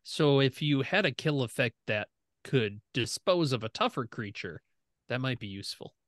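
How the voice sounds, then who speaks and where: A young man running a tabletop game, explaining rules in a relaxed way with fillers. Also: mid-range voice, normal speed, no room sound, studio quality. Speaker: game master.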